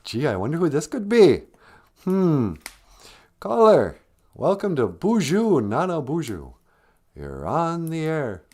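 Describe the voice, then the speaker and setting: A blunt, sarcastic man hosting a comedy live stream. His talk is lively and full of swings in pitch, and he rants at ease. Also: slow pace, pauses often. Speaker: show host.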